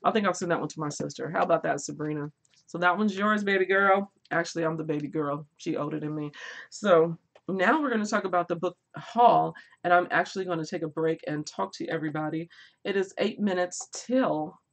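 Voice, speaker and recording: A woman's voice: on the low side, fairly quick, gravelly. A young woman hosting a book live stream, talking casually to her viewers, laughing often as she reads out their comments. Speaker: booktube live stream host.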